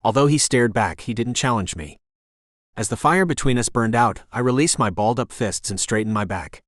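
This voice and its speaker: A man's voice: mid-range voice, normal speed, dry recording. A man narrating a romance audiobook in the first person, with an intense, dramatic delivery on a studio microphone.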